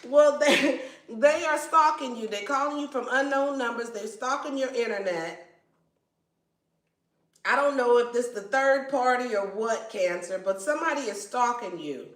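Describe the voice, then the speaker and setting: A woman's voice: on the high side, normal speed. A woman giving a casual tarot reading in a blunt, slangy way and swearing freely. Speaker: tarot reader. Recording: echoey room.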